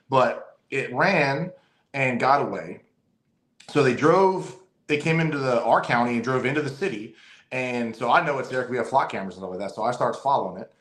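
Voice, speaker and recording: A man, a police officer guest in a casual chat, telling excited stories and often repeating phrases. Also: medium pitch, reverberant.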